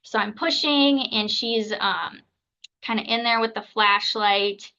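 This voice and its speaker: A woman's voice: mid-range voice, unhurried, pushed and bright, lo-fi sound. A woman in her thirties, a podcast guest telling a personal story in a casual, chatty way, full of fillers and acted-out quotes. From United States. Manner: chatty, filler-heavy, acts out others' words.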